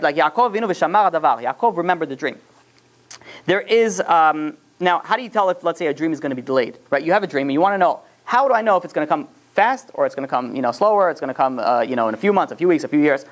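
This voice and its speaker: A fast-talking man teaches an informal religious lesson. He often restarts his phrases and rambles along. He mixes in stories as he goes. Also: on the high side, animated.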